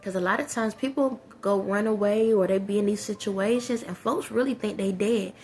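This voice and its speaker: A woman's voice: mid-range voice, normal speed, darkish tone, slight background noise. A woman vlogger giving casual life advice straight to her viewers, preachy and repetitive. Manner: preachy, talks straight to viewers, repeats key phrases. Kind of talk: casual spoken pep talk.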